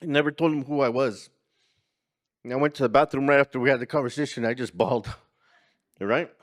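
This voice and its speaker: A man's voice: medium pitch, fairly quick. A man telling an earnest personal story at a community gathering, acting out the lines of people in it. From California. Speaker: community organizer speaker. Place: conference room.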